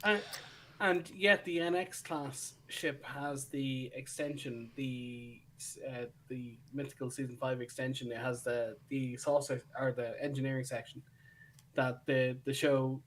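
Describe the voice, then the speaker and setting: A man co-hosts a casual podcast over a remote call, reviewing a TV episode and chatting with eager, stammering restarts. His mid-range voice is fairly bright, slightly slow, and fairly even in intonation, with a little hiss or hum in the audio.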